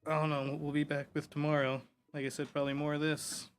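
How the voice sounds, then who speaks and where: Male streamer, casual rambling chat, profane, slightly high pitch, soft music underneath. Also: completely flat delivery, fast. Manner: loose, profane, full of "like" and "you know". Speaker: gaming streamer.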